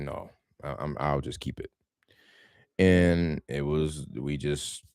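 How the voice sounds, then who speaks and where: This low-pitched man hosts a relaxed real estate wholesaling live stream, spinning lively, slang-filled stories with frequent laughter. The audio is clean studio sound with no room echo.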